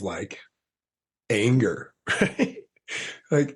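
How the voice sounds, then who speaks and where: A man's voice: medium pitch, drawn-out words, pauses often, breathy edge. A man as a podcast guest, telling his personal story in an earnest way, often restarting his sentences. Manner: earnest, restarts sentences, animated when quoting.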